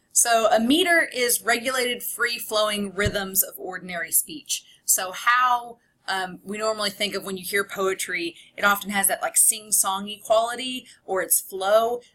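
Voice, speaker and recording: A woman's voice: medium pitch, pushed and bright. A woman college English instructor giving a recorded online lecture in a conversational way, explaining with examples and asides.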